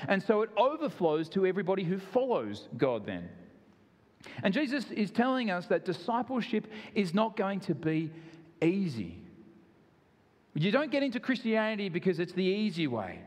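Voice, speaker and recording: A man's voice: high voice, big-room sound. A man with an Australian accent, preaching a sermon in an earnest, conversational way with self-deprecating asides. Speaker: pastor.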